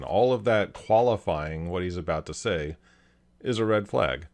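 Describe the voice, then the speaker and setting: A man hosting a video, calmly analyzing a clip and explaining each point step by step. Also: deep voice, measured pace. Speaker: host, body language analyst.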